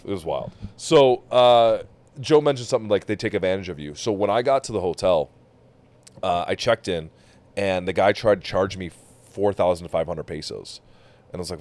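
A man's voice: low voice, a little fast. A man hosting a podcast, telling a travel story in casual chat, swearing and acting out the people he met. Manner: animated storyteller, swears, acts out quotes. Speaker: podcast host.

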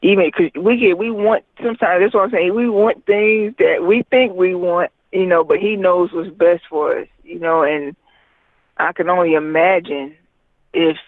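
A man's voice: high voice, steady tone, normal speed, no echo. A man who is a recording artist, giving a rambling personal testimony full of fillers. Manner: rambling, heavy with fillers like "you know what I mean". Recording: tinny phone line, dry.

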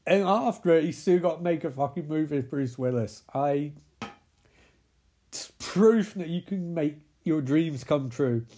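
A man's voice: on the high side, lively intonation, a little slow, warm tone, a little hiss or hum. A young man recapping a film with sarcastic, rambling, sweary commentary. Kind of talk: comedic movie recap.

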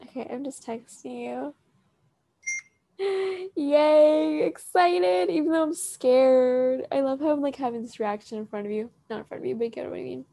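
A teenage girl hosts a casual chat in a higher, warm, mellow voice. She rambles through filler words, swears freely and laughs easily. The sound is dry and close, with no room echo. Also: quick pace, creaky, hardly any pauses. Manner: animated, with frequent laughter. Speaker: podcast host.

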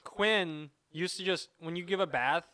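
A man co-hosting a podcast in casual chat, telling animated stories and swearing casually. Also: high-pitched, unhurried, clear, resonant tone, no room sound. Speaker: podcast co-host.

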